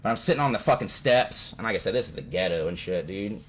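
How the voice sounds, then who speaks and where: This home vlogger speaks fast in a voice on the low side, with a little hiss or hum in the audio. His rambling stories are animated and packed with swearing and repeated "dude"s.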